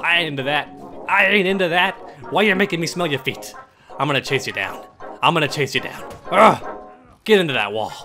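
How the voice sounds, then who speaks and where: Trash-talking man commentating gameplay. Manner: trash-talking, taunting, swearing; swings between low muttering and excited yelps. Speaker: gaming channel host.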